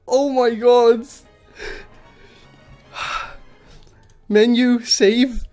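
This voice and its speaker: Woman game streamer, high voice, super excitable, shrieky, faint music behind. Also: drawn-out words, long pauses. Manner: excitable, shrieks and laughs in disbelief. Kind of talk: live stream commentary.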